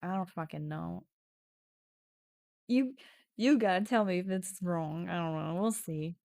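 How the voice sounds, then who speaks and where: A woman's voice: fairly low pitch, measured pace, gravelly, a little mellow, dry recording. A woman streaming a text adventure game, reading the story aloud with casual swearing and sudden drops into whispers.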